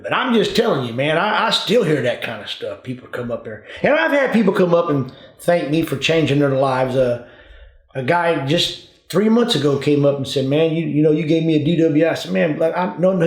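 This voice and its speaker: Older man, folksy drawl, slightly high voice, roomy echo. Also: expressive, fairly quick. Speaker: retired police officer and tribute performer of a famous singer. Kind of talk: casual storytelling. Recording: echoey room.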